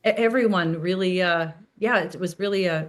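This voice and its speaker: Chatty middle-aged actress. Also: female voice, on the low side, normal speed. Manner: chatty, lots of restarts and "like". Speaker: actor, interview guest. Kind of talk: casual interview chat.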